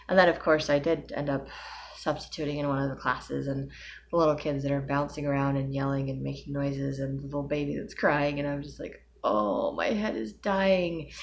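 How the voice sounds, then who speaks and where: A middle-aged woman vlogging casually, tired with a migraine, rambling with sighs and soft laughs. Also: low-pitched, creaky, slight background noise. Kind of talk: casual personal vlog.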